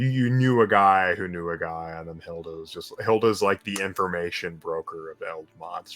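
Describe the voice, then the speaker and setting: A man runs a tabletop game on a live stream with a low, easygoing voice. He jokes and swears freely while he describes the story. Faint music sits behind him. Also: a bit bright. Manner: casual, joking, swears freely. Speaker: game master.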